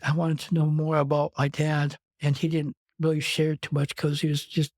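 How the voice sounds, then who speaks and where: A man's voice: fairly high pitch, monotone, normal speed, a little mellow, no room sound. A man from Wisconsin telling his personal story as an interview guest, in a rambling, conversational way that strings clauses together with "and". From Wisconsin, USA.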